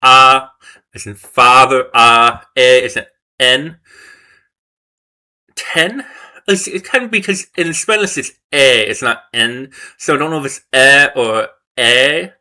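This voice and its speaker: A man's voice: medium pitch, lively intonation, measured pace, long pauses, pushed and bright. A man studying a language course on camera, reading lessons aloud and reacting as he goes. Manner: thinks aloud, reads course text and reacts. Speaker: language learner vlogger. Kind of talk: casual self-study commentary.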